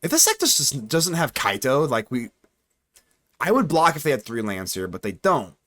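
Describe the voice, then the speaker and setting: Guy streaming card games, super lively pitch, chatty, thinking out loud, hyped then nervous. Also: normal speed. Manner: chatty, excitable, thinks aloud, swings from playful to worried. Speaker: card game streamer and channel host. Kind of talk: live gameplay commentary.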